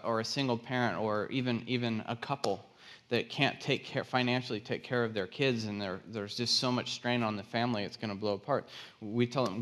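A man preaching as a guest speaker in a church, telling a story and acting out the people's voices. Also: on the low side. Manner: animated storyteller acting out quotes. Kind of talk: sermon with storytelling. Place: church stage.

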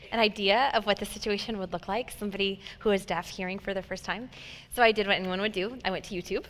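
A woman in her thirties giving a heartfelt, conversational sermon, swinging from loud emphasis to soft near-whispers. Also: a little high. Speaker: pastor. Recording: long hall reverb.

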